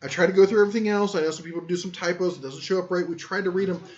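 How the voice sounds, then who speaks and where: This tool channel host has a high-pitched, fairly even voice and talks rapid-fire. He rambles and cracks self-deprecating jokes while reading chat on a casual live stream, captured in muffled lo-fi stream audio.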